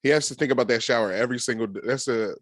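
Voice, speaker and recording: A man's voice: mid-range voice, racing, a bit bright, dry recording. A man co-hosting a casual podcast, laid-back and laughing along. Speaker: podcast co-host.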